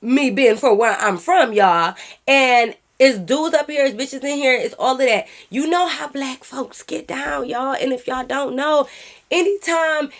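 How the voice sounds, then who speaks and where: A woman telling a story to her viewers in a casual vlog, animated and profane, calling them y'all. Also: high-pitched, a little slow. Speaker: YouTube storyteller.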